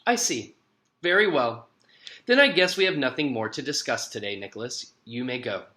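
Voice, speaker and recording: A man's voice: medium pitch, expressive, bright, forceful tone. A man voicing a strict, firm woman teacher in a children's book he reads aloud. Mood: stern. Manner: stern, measured. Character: strict older female teacher, firm and cool.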